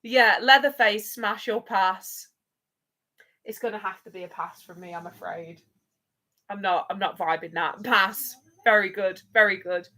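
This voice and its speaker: Slow-talking bright-voiced woman host. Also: medium pitch. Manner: playful, laughs often, chatty with viewers. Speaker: livestream host. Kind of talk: casual chat on a live watch-along.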